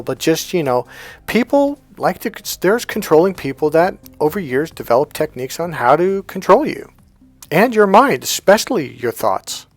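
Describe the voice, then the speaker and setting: A man working as a dating coach, telling a story in a blunt, emphatic way and swearing casually. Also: a little high. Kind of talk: storytelling monologue.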